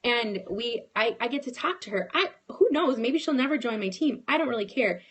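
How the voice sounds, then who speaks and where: A woman's voice: a little high, fairly quick, slightly rough. A woman in her thirties giving a casual motivational talk to her sales team, telling a personal story with lots of restarts. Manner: animated, storytelling, frequent restarts. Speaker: network marketing team leader.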